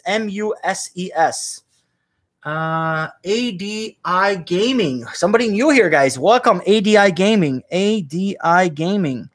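Man, high-pitched voice, casual livestream host, rambling chatty delivery, trivia show. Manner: chatty, reads chat names aloud, rambles into opinions.

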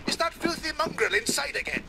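An actor playing a harsh, cruel father who snarls and bellows, with a gravelly voice. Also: very high-pitched, animated, fast, full character voice. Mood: angry. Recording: game audio with noise behind.

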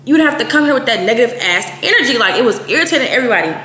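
A woman in her twenties, from Texas, telling a story in a blunt, profane, animated way, quoting people as she goes. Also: fairly high pitch, racing. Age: 20s. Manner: blunt, profane, animated retelling with quoted voices. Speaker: vlogger. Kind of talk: casual storytime. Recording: echoey room, faint noise.

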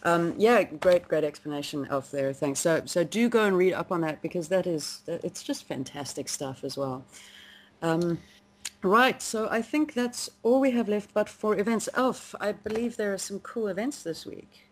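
A woman co-hosting a casual science podcast, chatty and quick to laugh, with frequent ums and restarts. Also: lowish voice, animated, slight background noise. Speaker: podcast co-host.

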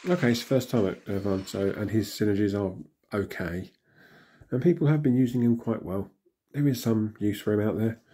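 Man with a low, hoarse, husky voice, chatting casually over game pulls. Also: brisk, dark tone. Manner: chatty, mutters reactions to himself. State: hoarse from illness. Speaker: gaming channel host. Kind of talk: casual commentary while opening in-game crystals.

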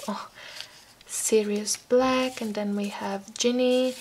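A woman with an Italian accent, a craft vlogger with a sore throat, chatting softly as she shows off mail she received and sometimes drops to a whisper. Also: on the high side, steady tone, takes it slowly, slight background noise. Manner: soft-spoken, drops to whispers, apologetic asides. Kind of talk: casual show-and-tell chat.

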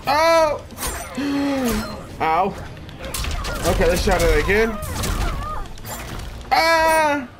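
A man giving casual, excitable commentary on his own gameplay, swearing, laughing and yelping at the action. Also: very high voice, drawn-out words, pauses often, background noise. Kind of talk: casual let's-play commentary. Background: game music and sound effects.

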